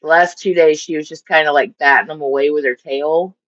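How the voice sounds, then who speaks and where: A woman's voice: deep voice, fairly even intonation, fairly quick, a bit bright. A woman chatting casually on a home live stream about her fish tanks, rambling and giving her fish silly voices. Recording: dull lo-fi stream audio.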